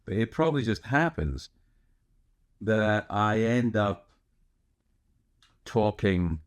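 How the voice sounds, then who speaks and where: A man from Scotland with a Scottish accent softened toward American, hosting a podcast in a casual, rambling, animated monologue full of asides. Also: on the low side, slow pace. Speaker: podcast host.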